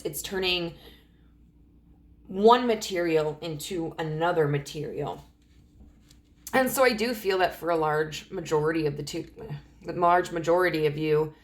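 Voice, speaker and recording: A woman in her thirties gives a casual tarot reading, rambling with many fillers and often clearing her throat as her voice cracks. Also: sits low. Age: 30s. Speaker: tarot reader.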